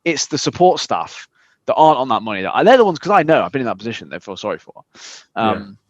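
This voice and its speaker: A man's voice: medium pitch, big pitch swings, dry recording. A man co-hosting a fitness podcast, telling frank, sweary stories about his working life. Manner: frank, sweary, quick storytelling. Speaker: podcast co-host, fitness coach. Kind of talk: casual podcast chat. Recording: dry, slightly dull podcast audio.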